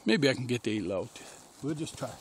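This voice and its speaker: A man's voice: mid-range voice, animated, a little fast, noisy background. A man who breeds dogs, talking casually to the camera outdoors in the snow while calling his dogs over. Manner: calls and coaxes dogs in between talking to the camera. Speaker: dog breeder. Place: outdoors at a kennel in light snow. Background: dogs barking.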